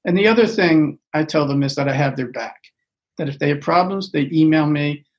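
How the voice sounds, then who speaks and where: Older male physician guest, earnest and reflective, voice sits a bit high. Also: a little fast, low-quality recording. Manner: earnest, reflective, often restarting phrases. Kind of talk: interview conversation.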